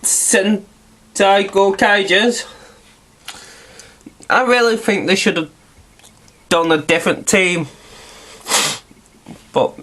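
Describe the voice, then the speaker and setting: A man's voice: fairly high pitch, lively intonation, slow, pauses often, fairly bright tone. A man, stuffy and nasal from hay fever, rambling chattily through a casual video review and swearing now and then.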